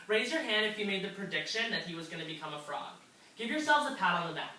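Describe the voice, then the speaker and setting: Lively teacher reading to her class. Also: medium pitch, fast talker. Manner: lively, expressive storytelling. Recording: echoey classroom, mic far off.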